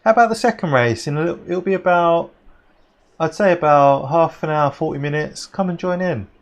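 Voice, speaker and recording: A man's voice: a little high, brisk, lo-fi sound. A young English man chatting with viewers and calling out friends during a live sim racing stream, matey and talkative.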